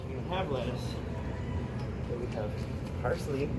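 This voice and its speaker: A man volunteering at an animal rescue, chatting casually and calling to the animals in high pet-talk and whoops. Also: unhurried. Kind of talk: casual vlog narration and talking to animals. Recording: noisy outdoor background.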